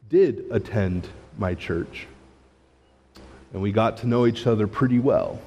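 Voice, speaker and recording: A man's voice: lowish voice, a little mellow. A man who grew up in Massachusetts, a pastor preaching a sermon in a conversational storytelling manner. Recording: long hall reverb.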